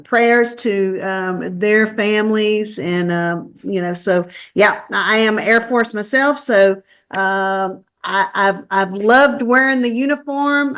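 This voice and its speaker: Woman in her fifties, Southern drawl, bubbly, effusive, a bit high-pitched, on a video call. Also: fairly bright tone. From Charlotte, North Carolina. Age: 50s. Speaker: guest speaker. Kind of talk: casual webinar chat.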